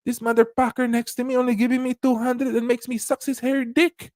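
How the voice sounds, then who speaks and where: A man's voice: very high-pitched, flat delivery, fairly quick, darkish tone, dry recording, studio quality, voice pushed up. A man putting on a greedy young woman who complains crudely and indignantly.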